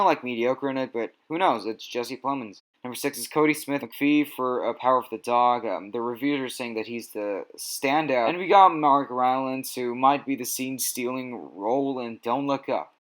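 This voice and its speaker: A man's voice: medium pitch, a bit bright. Chatty man ranking award predictions. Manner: enthusiastic, opinionated, chatty with fillers. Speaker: film awards predictions vlogger. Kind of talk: casual ranked-list commentary.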